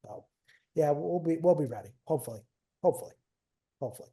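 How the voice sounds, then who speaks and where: Rambling New dad with a mellow voice. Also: male voice, fairly high pitch, animated, fast. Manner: rambling, repeats phrases, trails off. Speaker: guest, wrestling coach and father. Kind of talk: casual storytelling.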